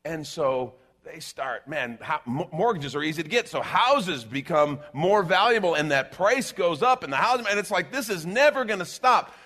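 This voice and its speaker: A man preaching a sermon in an animated, rhetorical way, with sarcastic asides. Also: on the high side, normal speed, hardly any pauses.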